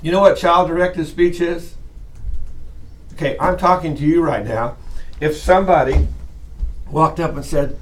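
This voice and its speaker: A man's voice: a little high, unhurried, pauses often, recorded from a distance, slight background noise. A man lecturing a college class in a chatty way, often acting out little voices as he teaches, recorded in a classroom.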